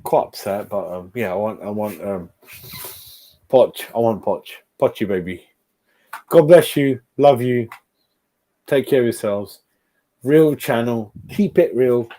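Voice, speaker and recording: A man's voice: medium pitch, unhurried, pauses often, dark tone. A man hosting a football fan channel, giving a rambling, swear-filled live-stream reaction to a match. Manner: ranting, heavy swearing, rambling asides.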